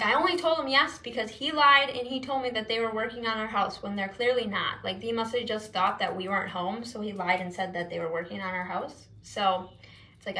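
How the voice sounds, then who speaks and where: Her voice fairly high, pushed, and bright, a young woman rambles through a long story while doing her makeup on camera, using "like" nonstop and acting out what she said. She's exasperated and calls herself non-confrontational.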